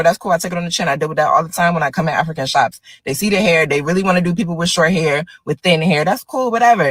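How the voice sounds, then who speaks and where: A woman's voice: lowish voice, a bit bright, no room sound, low-quality recording. A woman retelling a bad salon visit in an agitated, indignant, detailed way. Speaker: salon customer. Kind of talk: upset storytelling vlog.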